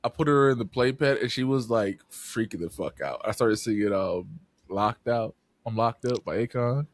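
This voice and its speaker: A young man co-hosting a podcast, telling animated stories in casual chat, swearing freely and acting out voices. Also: fairly low pitch, moderate pace, no room sound. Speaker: podcast co-host.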